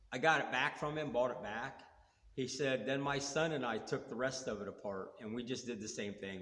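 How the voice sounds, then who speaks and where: Man, casual rambling car storyteller, even mid voice, roomy echo with long tail. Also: medium pitch. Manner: rambling, retells dialogue with quoted back-and-forth. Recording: echoey room with long reverb.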